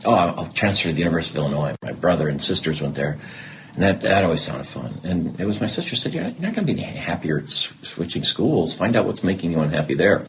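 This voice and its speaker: A middle-aged man speaks quickly in a low-pitched voice, with slight background noise. He is a podcast guest giving a candid personal interview about his life, animatedly telling stories and acting out conversations he remembers.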